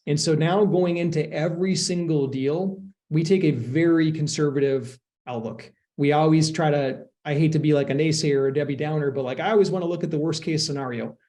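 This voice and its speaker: Higher-pitched man, earnest investor guest. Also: fairly quick, hardly any pauses, mellow. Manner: earnest, explanatory, frequent restarts. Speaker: real estate investment sponsor, guest. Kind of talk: podcast interview answers.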